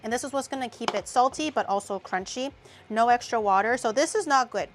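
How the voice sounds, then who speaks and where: A woman's voice: on the high side, a little fast, over music. A woman hosting a casual cooking tutorial, chatty and loose, with the odd crude joke. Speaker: vtuber cooking host.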